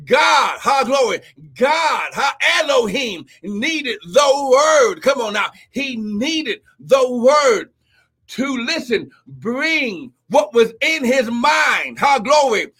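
A man preaching a livestream sermon as pastor, teaching slowly, then shouting, crying out and speaking in tongues. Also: extremely high pitch, big pitch swings, breathy edge. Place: church livestream with music behind.

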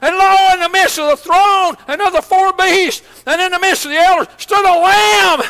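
A man preaching a sermon as pastor, shouting in bursts and halting with frequent "uh"s. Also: extremely high pitch, fairly even intonation, gravelly, in a large hall. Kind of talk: Pentecostal-style shouted sermon.

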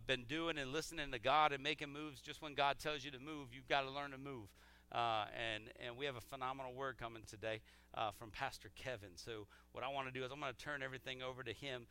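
A man's voice: mid-range voice, bright, forceful tone, smooth. A man making church announcements to a congregation, enthusiastic and repeating himself as he rallies people to give. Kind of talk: casual church announcements before the sermon.

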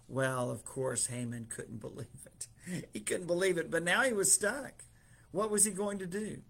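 Slightly high-voiced man retelling a story. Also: moderate pace, creaky, fairly bright tone, slightly rough. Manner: retells scenes in quoted dialogue with chuckles and fillers. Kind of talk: casual sermon storytelling.

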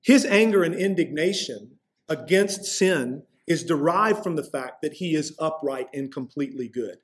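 A man delivers a sermon from the pulpit, his voice sitting high for a man. He keeps it conversational and plainspoken, then drags out the key lines slowly for weight. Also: animated. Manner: conversational preaching, slows for emphasis. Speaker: pastor.

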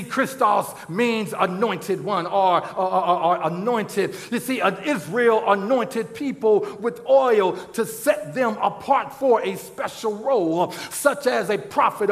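A pastor preaching a sermon, with constant "uh, uh" restarts and bursts of shouted emphasis. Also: male voice, high voice, creaky. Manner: stammering restarts, strings of "uh, uh, uh". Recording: long hall reverb.

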